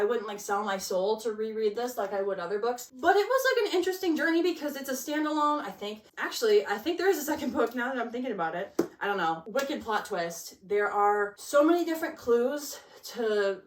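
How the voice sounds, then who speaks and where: This is a young woman in casual, gushing chat, her voice slightly high. She sits back from the mic in a roomy, echoey space, laughing and saying like often. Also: expressive, fast, recorded from a distance. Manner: chatty, gushing, with many likes and laughs. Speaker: book vlogger.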